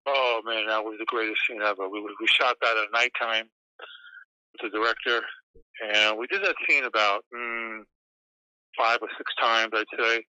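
Bright-voiced man telling stories in a dull lo-fi recording. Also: fairly low pitch, moderate pace, smooth, no echo. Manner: animated, rambling, swears casually. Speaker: interview guest. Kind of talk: casual storytelling interview. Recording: dull lo-fi sound.

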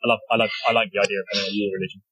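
A man chats quickly on a podcast, with a slightly husky voice. He rambles through a recap and chuckles often, in an easy, casual way. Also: fairly low pitch, little pitch movement, pushed and bright, dry recording, low-quality recording. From not American. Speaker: podcast co-host. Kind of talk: casual chat recapping a manga.

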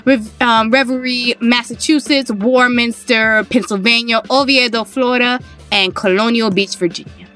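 A young adult woman co-hosting a podcast in casual chat, playful and teasing, blunt and quick to swear. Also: on the high side, fairly even intonation, fairly bright tone, faint music behind. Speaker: podcast co-host.

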